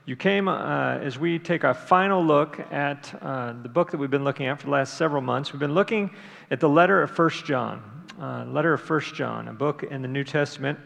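A man, the pastor of his church, preaching a sermon in a conversational, unhurried way with frequent fillers and restarts. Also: on the high side, vocal fry, a bit bright. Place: church sanctuary. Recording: long reverb of a large hall.

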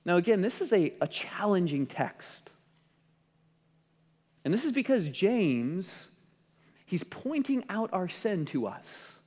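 A man preaches emphatically, putting questions to his listeners. His voice sits high and swings widely in pitch. The sound rings out with the long reverb of a big hall. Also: sing-song, slow pace, pauses often, a little mellow. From American Midwest. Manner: emphatic, asks the congregation questions. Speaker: pastor. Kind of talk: sermon.

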